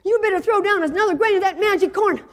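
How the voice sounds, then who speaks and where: A woman voicing a young girl fleeing with her brother, urgent and quick. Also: extremely high pitch, voice pushed up.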